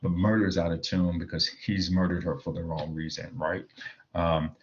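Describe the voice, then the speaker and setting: A man's voice: low-pitched, little pitch movement, normal speed, lo-fi sound. A man teaching a recorded video lecture, explaining a play with many fillers and asides of "right?" and reading quoted lines aloud.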